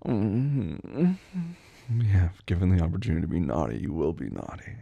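Gravelly, husky man in intimate role-play. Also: sing-song, moderate pace, no echo. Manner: low murmuring, teasing, often breathy and moaning; drifts into soft whispers. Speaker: audio role-play performer.

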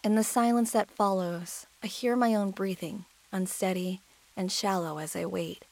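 Woman, creaky gravelly voice, soft and hushed, shaky, tearful, first-person role-play storyteller. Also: medium pitch, steady tone, moderate pace.

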